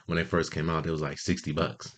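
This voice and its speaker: A man's voice: flat delivery, fast. A man telling stories about his friends in a loose, profane, casual monologue, full of "like" fillers and bursts of energy. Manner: jumps much higher when quoting friends.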